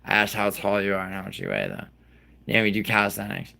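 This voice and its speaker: A man's voice: fairly low pitch, sing-song, fast, creaky, pushed and bright. A man in his thirties hosting a livestream, chatting casually with viewers in a rambling, profane way. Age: 30s. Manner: profane, rambling, talks to chat by name. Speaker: livestream host.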